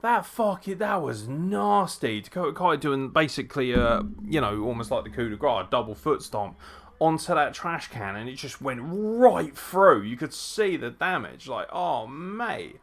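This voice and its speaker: Excitable, cursing man reacting live. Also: medium pitch, normal speed. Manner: excitable, swears a lot, bursts into laughter and shouts. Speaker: wrestling watchalong host.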